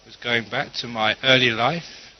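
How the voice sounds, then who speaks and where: Buddhist teacher telling stories in a talk, calm, kinda dull lo-fi sound. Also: male voice, mid-range voice, measured pace. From London. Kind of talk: dharma talk. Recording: dull lo-fi recording.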